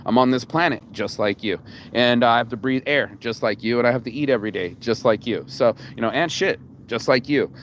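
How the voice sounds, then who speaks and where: A man's voice: mid-range voice, brisk, fairly bright tone, a little hiss or hum. Cocky rambling man vlogging outdoors. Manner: profane, cocky, rambling with restarts. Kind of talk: rambling casual monologue. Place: outdoors in the sun.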